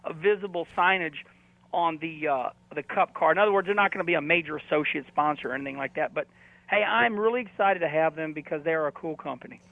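A man's voice: on the high side, fast talker, gravelly, no room sound. A man who is a race car driver, chatting as a radio guest in a rambling, jokey way full of "you know," over the phone. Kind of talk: casual phone-in chat. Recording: tinny phone line.

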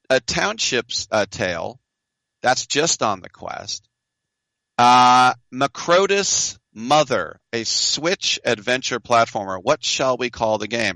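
Animated, jokey man with a bright voice. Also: mid-range voice, no room sound. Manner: animated, jokey, quick asides and mock dialogue. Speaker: video game show host. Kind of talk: casual chat about games.

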